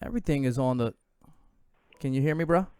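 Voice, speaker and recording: A man's voice: medium pitch, brisk, dark tone, clear, resonant tone, no room sound. A young man hosting a casual sports call-in show, chatty and joking, laughing often. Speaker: host.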